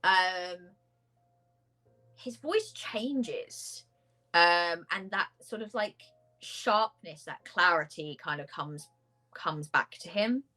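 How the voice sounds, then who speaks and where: Woman game master, slow and halting, heavy on fillers, quiet music underneath. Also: lowish voice, animated, rough recording. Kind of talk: narrating a tabletop game. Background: faint background music.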